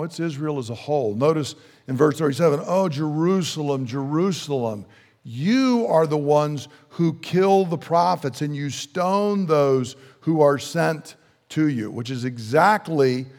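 A man's voice: a little high, a little mellow. A man preaching a sermon in an emphatic way, often putting questions to his listeners. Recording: long hall reverb.

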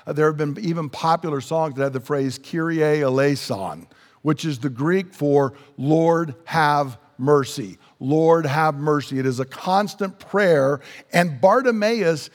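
A man's voice: on the high side, a little slow, long reverb tail. A man preaching a sermon, explaining scripture in an earnest teaching manner. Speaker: pastor.

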